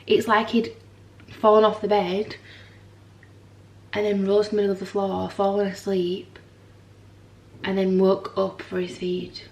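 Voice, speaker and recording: A woman's voice: mid-range voice, monotone, a little slow, pauses often, roomy sound, recorded from a distance. A young mother vlogging in a frank, rambling chat to camera, tired and swearing now and then. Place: home.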